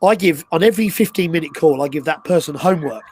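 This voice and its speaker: A man's voice: a little high, fast, a little mellow, slightly rough, low-quality recording. A man co-hosting a live chat, telling stories with many fillers and restarts. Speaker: co-host and recruiter.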